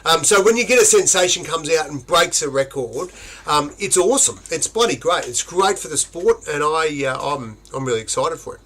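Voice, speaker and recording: A man's voice: fairly high pitch, expressive, normal speed, a bit bright. A man with an Australian accent co-hosting a podcast, chatting bluntly and casually, swearing freely and breaking into emphatic bursts. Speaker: podcast co-host. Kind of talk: casual banter.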